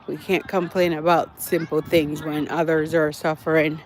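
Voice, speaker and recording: A man's voice: a little high, level tone, normal speed, a little hiss or hum. A man, out of breath as he walks an outdoor track, chatting to his livestream viewers and repeating himself. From Jamaica. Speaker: livestream host. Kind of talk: casual walking livestream. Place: outdoor walking track near woods at dusk.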